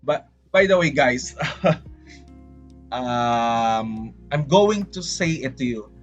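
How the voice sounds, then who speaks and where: A man's voice: medium pitch, expressive, extremely slow. A man from the Philippines with a Filipino English accent, chatting casually on a livestream, rambling and dramatic as he talks straight to his chat. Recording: dull lo-fi stream audio. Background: faint background music.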